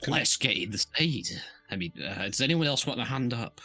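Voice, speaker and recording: A man's voice: medium pitch, expressive, moderate pace, pushed and bright, faint music behind. A man playing in a tabletop game, rambling and self-mocking as he talks in a put-on Scottish accent. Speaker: player. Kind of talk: tabletop role-play in character.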